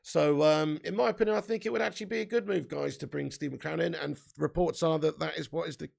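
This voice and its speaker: A man's voice: fairly high pitch, steady tone, fast, creaky, darkish tone. A man hosting a casual live football stream, chatting, reading the live chat aloud and laughing often.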